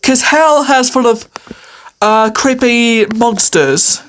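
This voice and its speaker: A video creator, a woman whose voice is a little high, speaks slowly while answering quiz questions solo. She keeps it casual, playful, and hesitant, with plenty of fillers and lots of laughter.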